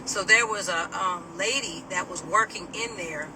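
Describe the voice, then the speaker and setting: A middle-aged woman telling a personal story to camera in a casual, animated, sassy way, laughing as she mimics people. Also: on the low side, a little slow, far from the mic, noisy background.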